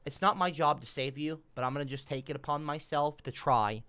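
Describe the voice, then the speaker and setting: Profane, rambling male streamer, bright voice. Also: fairly high pitch, fairly quick, clean tone, no room sound. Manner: profane, sarcastic, rambling, trails off mid-sentence; swings between mumbling and loud outbursts. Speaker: livestreamer. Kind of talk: rambling livestream commentary.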